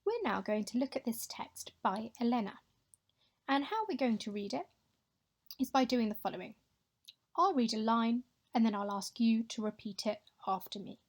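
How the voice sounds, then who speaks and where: A young woman teaching a recorded Spanish lesson over slides, speaking clearly and patiently and modelling pronunciation slowly for her pupils to repeat. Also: fairly high pitch, animated. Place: home or classroom, voice-over on slides.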